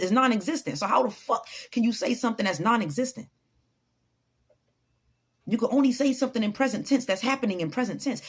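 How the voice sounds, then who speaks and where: A woman's voice: fairly high pitch, husky. A woman giving an unscripted motivational talk to her followers, blunt, profane and preachy. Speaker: motivational vlogger.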